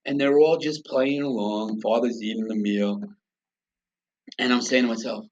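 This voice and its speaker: A man's voice: medium pitch, steady tone, moderate pace, darkish tone. Blunt, profane middle-aged man on a dull recording. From United States. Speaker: podcast guest. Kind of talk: personal storytelling in an interview. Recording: dull lo-fi sound.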